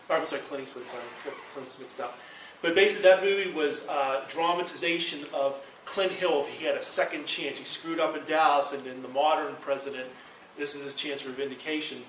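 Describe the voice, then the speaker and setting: Fast-talking man lecturing in an echoey hall. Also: fairly high pitch, a little hiss or hum. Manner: rambling, animated storytelling with quoted dialogue. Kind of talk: university presentation. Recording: echoey room from far off.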